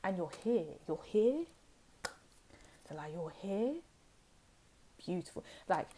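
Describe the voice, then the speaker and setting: Animated young woman reading tarot. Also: on the low side, slow pace, slight background noise. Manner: animated, emphatic, repeats phrases for stress. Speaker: tarot reader. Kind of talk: pick-a-card tarot reading.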